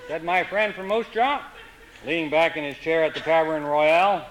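A man telling comic stories in a dry, wry, deadpan way. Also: on the high side, moderate pace, a little hiss or hum, rough recording. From Canada. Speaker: humorist. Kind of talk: comic storytelling.

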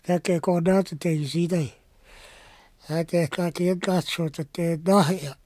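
An older speaker telling an oral history in a halting way, mixing a few English words into another language. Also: mid-range voice, fairly even intonation, mellow, no echo.

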